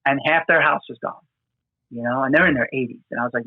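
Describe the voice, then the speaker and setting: A man's voice: mid-range voice, fast talker, creaky, slightly rough, no echo. A man, a firefighter hosting a podcast, telling field stories earnestly with many fillers. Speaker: podcast host, FDNY firefighter. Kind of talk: conversational storytelling. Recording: dry, phone-like remote audio.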